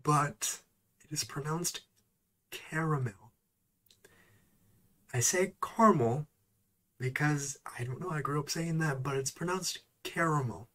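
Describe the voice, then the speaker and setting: A man chatting casually in a vlog, sighing and growing exasperated as he repeats words slowly. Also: fairly high pitch, a bit bright. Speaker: YouTuber.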